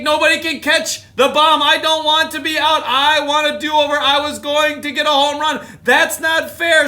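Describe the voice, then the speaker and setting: A man voicing a young girl who is a sore loser at kickball, whining, shouting and bragging in a read-aloud story. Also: extremely high pitch, voice pushed up, full character voice.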